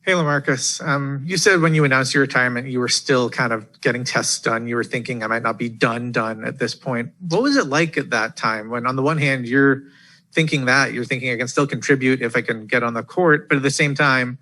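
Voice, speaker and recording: A male sports reporter asking a long, measured question at a press conference. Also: mid-range voice, steady tone, bright, forceful tone, low-quality recording.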